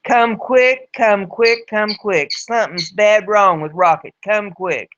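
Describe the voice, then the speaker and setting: A woman's voice: medium pitch, takes it slowly, fairly bright tone, pitched above the performer's own voice. A woman doing a sobbing little boy. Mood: pleading. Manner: pleading, urgent. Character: crying little boy who lost a pet. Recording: dull lo-fi recording.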